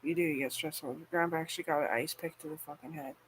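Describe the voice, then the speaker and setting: A woman's voice: deep voice, fairly even intonation, racing, slight background noise, low-quality recording. Rambling, foul-mouthed woman vlogger. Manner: rambling, profane, frequent "like". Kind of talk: casual rambling chat.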